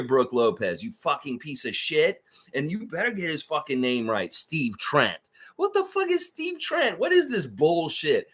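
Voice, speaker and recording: A man's voice: a little high, fairly bright tone, husky. Profane, heated male sports ranter. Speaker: fan livestream host. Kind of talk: ranting fan reaction livestream.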